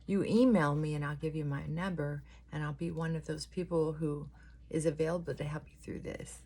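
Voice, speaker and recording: A woman's voice: low-pitched, steady tone, moderate pace, mellow, breathy edge. A middle-aged woman chatting earnestly and giving advice while doing her makeup.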